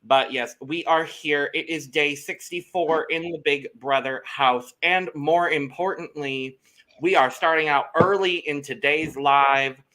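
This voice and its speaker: Bright, animated gossiping man. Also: fairly high pitch, unhurried. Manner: animated, gossipy, swears freely. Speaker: podcast co-host. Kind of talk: casual chat.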